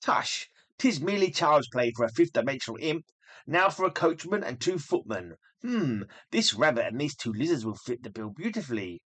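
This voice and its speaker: A man's voice: medium pitch, big pitch swings, normal speed, fairly bright tone. Mxyzptlk, a theatrical imp read by a man. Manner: grandly theatrical, old-fashioned speech. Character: Mister Mxyzptlk, mischievous male imp playing fairy godmother. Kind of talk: comic book read aloud.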